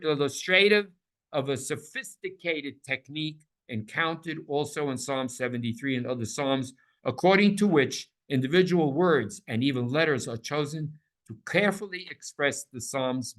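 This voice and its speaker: A man teaches a Bible class in an animated way, repeating words for emphasis and putting questions to his listeners. His voice is a little high, at a moderate pace.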